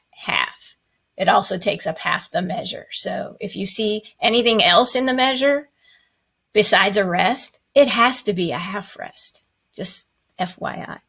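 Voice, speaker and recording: Slow, gravelly-voiced woman music teacher. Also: mid-range voice, a bit bright. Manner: patient, playful, chants rhythm syllables. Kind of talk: online music lesson.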